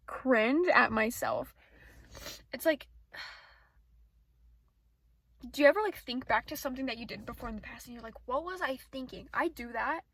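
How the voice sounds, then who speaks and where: A teenage girl vlogging outdoors on her phone, rambling fast and getting easily distracted in casual chat. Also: on the high side, fairly bright tone, breathy edge, no echo, low-quality recording. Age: teens. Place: outdoors, sitting in a parked car area.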